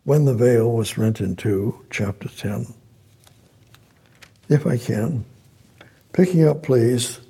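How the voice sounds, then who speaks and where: A man's voice: mid-range voice, creaky, mellow, slightly rough. A man preaching a sermon, reading scripture aloud and repeating his phrases as he explains them.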